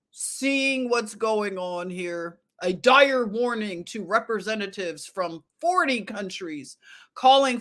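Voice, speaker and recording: A woman's voice: on the high side, a bit bright. A woman hosting a casual livestream, reading news headlines aloud with sarcasm and chuckling at them. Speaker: livestream host.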